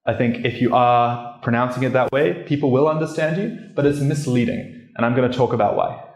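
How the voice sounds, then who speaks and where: A man presenting a casual pronunciation lesson as a learner of the language, explaining in a relaxed, chatty way with lots of "like" fillers. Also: medium pitch, fairly quick. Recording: roomy echo.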